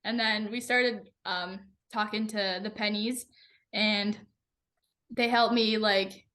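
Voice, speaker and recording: A young woman guest on a racing podcast, chatting in a bubbly, animated way full of "like" fillers. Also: mid-range voice, takes it slowly. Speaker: guest racer. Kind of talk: casual podcast chat.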